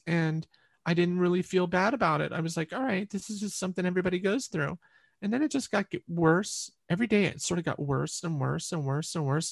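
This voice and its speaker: A woman's voice: low voice, creaky, no room sound, studio quality. A woman interview guest earnestly telling a personal story, often repeating words as she recalls.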